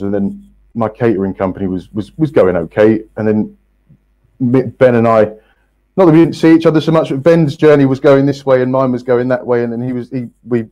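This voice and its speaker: Halting man with a mellow voice. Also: mid-range voice, lo-fi sound. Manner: halting, many restarts and fillers. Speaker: guest, company co-founder. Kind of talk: casual podcast interview.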